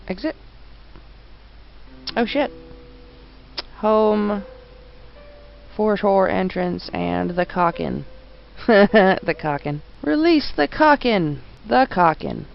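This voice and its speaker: Woman game streamer, gravelly low-key commentary; muffled mic, faint hiss. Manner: reads game text aloud, mutters, then bursts into laughing outbursts. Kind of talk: casual let's-play commentary.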